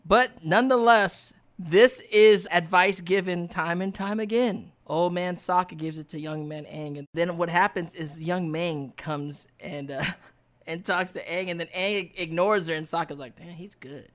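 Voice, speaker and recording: A man's voice: high-pitched, a little slow, a bit bright. A man co-hosting a podcast, recapping an episode in casual chat with playful, slangy jokes. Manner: playful, joking asides in slang. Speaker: podcast co-host.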